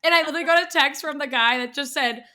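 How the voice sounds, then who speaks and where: A young woman co-hosting a podcast, telling a story in a lively casual chat, laughing and swearing as she goes. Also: sits high, fast. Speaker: podcast co-host.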